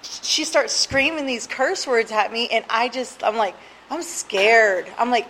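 A woman's voice: on the high side, unhurried, a bit bright, slight background noise, poor audio. A middle-aged woman from New Jersey tells her own story candidly, mocking herself and laughing often. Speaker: guest sharing her recovery story. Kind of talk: personal storytelling.

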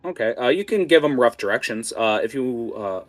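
A man narrating as game master of a tabletop game, halting and full of fillers. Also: mid-range voice, animated, faint music behind. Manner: hesitant, many fillers.

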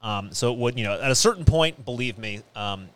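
Animated, rambling male podcast host. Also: medium pitch, brisk. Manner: rambling, with many fillers and restarts. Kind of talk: casual chat. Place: small studio.

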